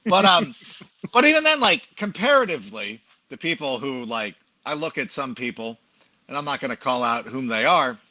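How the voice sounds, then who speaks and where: Animated, bright-voiced middle-aged man rambling. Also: medium pitch, normal speed, dull audio. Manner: rambling, self-deprecating storyteller with many fillers. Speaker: podcast guest, fantasy football analyst. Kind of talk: casual chat.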